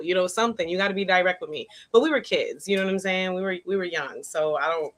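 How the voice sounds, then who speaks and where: A woman's voice: on the low side, fast, few pauses. A woman co-hosting a podcast, speaking frankly and with profanity, often laughing through her stories in casual chat. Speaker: podcast co-host.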